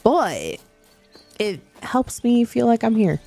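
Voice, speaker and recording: A woman's voice: on the high side, sing-song, takes it slowly, vocal fry, dark tone, soft background music. Chatty giggly woman game streamer. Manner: chatty, giggly, reads chat aloud. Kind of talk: casual chat while playing a video game.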